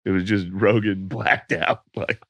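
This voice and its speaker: A man telling laid-back, profane stories as a comedian guest on a podcast, his voice going hoarse. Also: fairly low pitch, steady tone, measured pace, fairly bright tone, no echo. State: losing his voice. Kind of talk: casual podcast chat.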